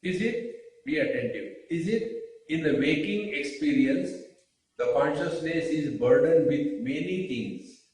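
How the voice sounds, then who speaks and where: A man giving a spiritual discourse, speaking deliberately with rhetorical questions and pauses. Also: a little high, expressive, darkish tone. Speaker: spiritual teacher. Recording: very echoey room, mic far off.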